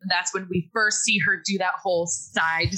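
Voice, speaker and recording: Bright-voiced woman recapping a movie. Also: on the low side, steady tone, slightly rough, rough recording. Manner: chatty, laughs often, acts out lines in quick impressions. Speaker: podcast host recapping a movie. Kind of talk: casual chat.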